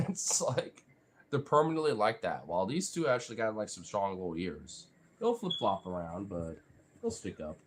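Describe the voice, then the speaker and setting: A man's voice: on the low side, very animated, normal speed, a little hiss or hum. A young man vlogging casually, talking to his dogs in a rambling, profane way full of fillers.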